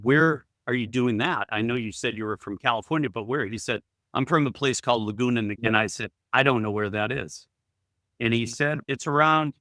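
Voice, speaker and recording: A man's voice: medium pitch, dry recording, clean studio sound. A middle-aged man, telling a story as a real estate guest and acting out both sides of a conversation. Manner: animated storyteller acting out dialogue. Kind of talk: storytelling in a talk.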